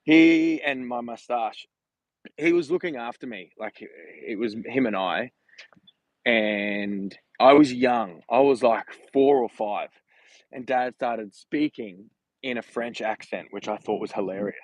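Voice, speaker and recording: A man's voice: medium pitch, a little slow, no room sound, poor audio. A man talking casually in a rambling, chatty way while walking outdoors during a livestream vlog, filmed on a handheld phone. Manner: chatty, rambling, laughs while telling stories. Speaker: vlogger.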